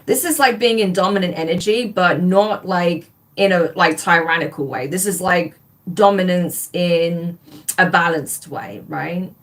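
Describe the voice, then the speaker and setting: Woman, tarot reader, live stream, excited and gushing, talks to the viewer. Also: on the low side, measured pace.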